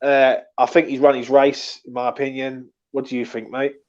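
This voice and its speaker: A man's voice: medium pitch, flat delivery, moderate pace, darkish tone. A man hosting a casual football podcast, easygoing and agreeable as he moves the talk on to the next player. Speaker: host. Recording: dull lo-fi audio.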